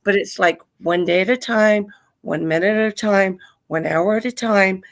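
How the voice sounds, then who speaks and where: Speaking at a moderate pace in a mid-range voice, a female livestream host earnestly comforts a caller in grief. She's tender, using words like honey and sweetheart, amid talk of being widowed and grieving.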